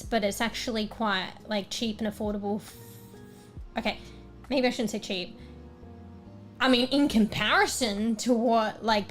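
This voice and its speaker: A young woman with an Australian accent, chatting casually with her stream viewers. She rambles, fills her talk with fillers, and her voice is slightly worn. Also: mid-range voice. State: slightly losing her voice, clearing her throat. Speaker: livestreamer. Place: small room at home.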